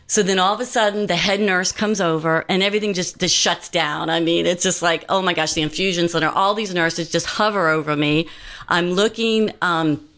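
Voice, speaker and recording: A woman's voice: fairly low pitch, fairly bright tone. A woman guest giving an earnest personal testimony in casual talk, with many fillers and restarts.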